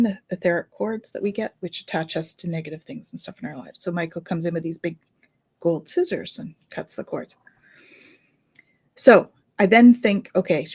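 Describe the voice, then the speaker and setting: A middle-aged woman, a Reiki healer and medium, casually telling a story in a chatty, animated way. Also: lowish voice. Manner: chatty, animated, with fillers and laughs.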